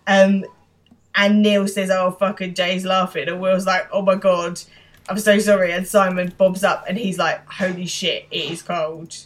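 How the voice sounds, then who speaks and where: A woman co-hosting a podcast, giving a casual, animated recap of a TV episode and laughing often. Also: fairly low pitch, a little slow. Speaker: podcast co-host.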